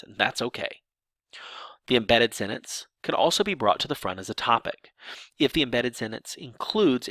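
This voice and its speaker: A man's voice: medium pitch, dry recording. A man teaching sign language grammar, explaining examples step by step with some restarts. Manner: lively explanatory delivery with restarts.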